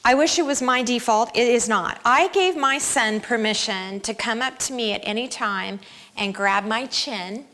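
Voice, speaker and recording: A middle-aged woman with a somewhat high voice speaks to a room of mothers. She is candid and self-deprecating, mixing advice with stories about her own shortcomings. She laughs easily at herself as she goes. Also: moderate pace, pushed and bright. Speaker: speaker at a family camp. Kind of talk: inspirational talk to mothers.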